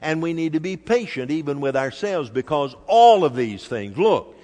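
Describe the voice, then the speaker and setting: An older man preaching a sermon, measured and emphatic, sometimes dropping soft. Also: fairly high pitch, animated. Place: church hall. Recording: reverberant hall.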